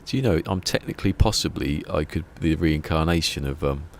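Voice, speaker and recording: A man's voice: rumbling low, brisk, vocal fry, a little hiss or hum. A man streaming a game, chatting casually and rambling through a story with chuckles. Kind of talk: casual live-stream chat.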